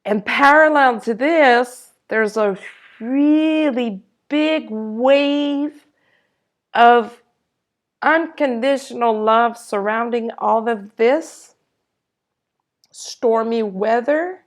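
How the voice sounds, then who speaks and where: A woman's voice: a little high, drawn-out words. A woman channeling a spiritual energy update, speaking in a reassuring way and sometimes searching for her words.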